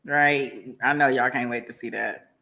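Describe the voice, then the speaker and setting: A woman's voice: a bass voice, fairly even intonation, moderate pace, creaky, pushed and bright. A woman hosting a casual livestream, reading out viewer comments, laughing often and chatting to her viewers in a slangy, easygoing way. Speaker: livestream host.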